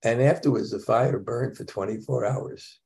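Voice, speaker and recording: Gravelly man giving a scripture class. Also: medium pitch, steady tone, moderate pace, a little mellow. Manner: conversational, chuckling asides, frequent restarts. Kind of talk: casual scripture lecture.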